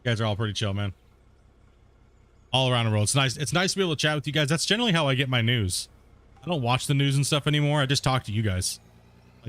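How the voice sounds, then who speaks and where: A man's voice: mid-range voice, quick pace, fairly bright tone. A man casually chatting on a live stream while he plays, laid-back and rambling, tagging his sentences with "right?" and "man". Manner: reads out and answers viewer chat. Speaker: gaming streamer.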